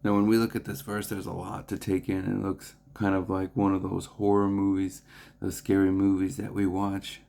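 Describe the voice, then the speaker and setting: A young man reads a Bible passage and reflects on it in an earnest, devotional way. His voice sits low and rough with vocal fry, and his pitch barely moves. He restarts his phrases often and fills pauses as he feels his way through his thoughts. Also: dark tone. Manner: earnest, halting, with frequent restarts and fillers. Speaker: preacher.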